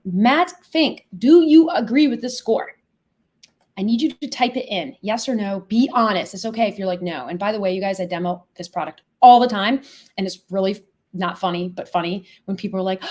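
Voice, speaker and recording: A woman hosting a live product demo, chatty and excitable, gushing over features and casually swearing. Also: medium pitch. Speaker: logistics software founder and host.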